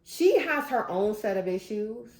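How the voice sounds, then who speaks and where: A woman's voice: mid-range voice, expressive, a little slow, a little mellow. A grown woman talking straight to her viewers, venting in emphatic casual commentary. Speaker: vlogger. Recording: roomy echo.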